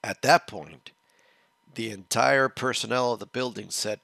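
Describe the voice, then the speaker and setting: A man's voice: medium pitch, a little slow, vocal fry, bright, forceful tone, no echo. A man hosting a reaction show, telling a long story in a casual, rambling way and restarting his phrases as he explains. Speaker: watch-along reaction host.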